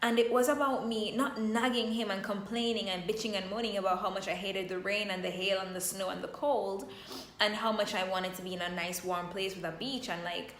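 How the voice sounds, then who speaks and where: A woman speaks as a self-empowerment coach in a vlog, leaning slowly and emphatically into each affirmation. Her voice sits in a middle range. The room around her rings with noticeable echo. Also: medium pitch, steady tone, a bit bright, a little hiss or hum. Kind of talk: motivational vlog talk.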